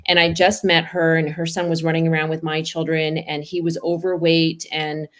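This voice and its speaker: A woman's voice: sits low, level tone, normal speed. A woman hosting a podcast, wrapping up the episode with an earnest personal story. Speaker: podcast host.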